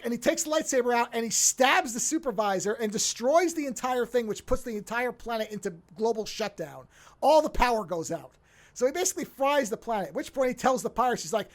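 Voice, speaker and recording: Her voice sits on the high side and moves quickly as she hosts a podcast. She's recapping a TV episode in relaxed conversation, animatedly acting out lines and swearing freely.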